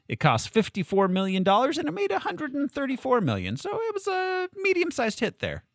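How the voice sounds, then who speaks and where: A man's voice: extremely high pitch, huge pitch swings, a little fast, a bit bright, dry recording, clean studio sound. A man hosting a casual podcast chat, laughing often as he runs the segments. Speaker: podcast host.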